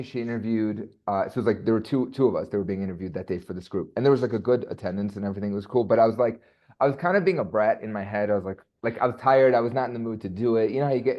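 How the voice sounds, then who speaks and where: Chatty man on a muffled call. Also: fairly low pitch. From United States. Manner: animated, chatty, quick asides and laughs. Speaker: interview guest. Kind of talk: casual interview talk.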